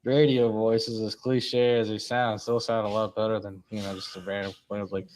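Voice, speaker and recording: A man's voice: lowish voice, little pitch movement, moderate pace, darkish tone. A man hosting a casual podcast, bantering and joking with his co-host.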